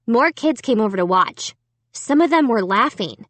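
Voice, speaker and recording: A woman reading a storybook aloud in an expressive first-person narration. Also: a little high, normal speed, dry recording. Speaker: audiobook reader.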